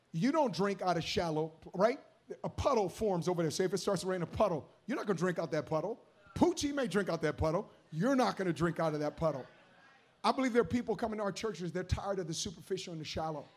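A man preaching a sermon with passion, moving between hushed storytelling and shouted appeals. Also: high voice.

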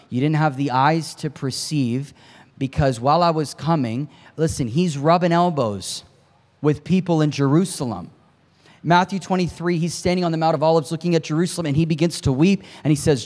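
Male preacher, storytelling sermon, builds to shouting peaks, casual asides to the crowd, long hall reverb. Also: a little high. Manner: impassioned, climbs to near shouting at peaks; conversational asides to the congregation.

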